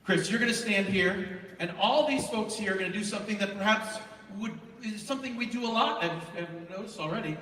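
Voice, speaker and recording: A man presenting to a large live student audience in an auditorium, energetic and animated as he directs the crowd. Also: high voice, brisk, slight background noise. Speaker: event presenter. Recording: echoey hall, voice from far off.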